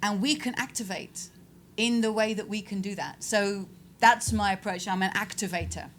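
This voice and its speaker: A woman's voice: medium pitch, moderate pace, a little hiss or hum. A woman in her forties, an author answering questions in a public debate, speaking emphatically and rhetorically. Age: 40s. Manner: emphatic, rhetorical, acts out quoted voices.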